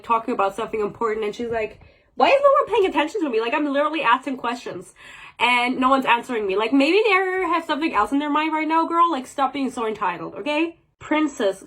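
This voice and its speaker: A woman's voice: a little high, fairly bright tone, rough recording. Sarcastic young woman ranting casually. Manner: sarcastic, swears freely, acts out characters in mocking voices. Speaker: book reviewer. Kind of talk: casual rant.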